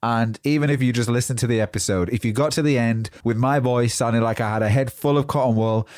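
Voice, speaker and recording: A man's voice: mid-range voice, quick pace, a little mellow, no room sound, clean studio sound. A man hosting a motivational podcast, speaking earnestly with a congested, blocked-nose voice. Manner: earnest, repetitive motivational phrasing. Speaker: podcast host.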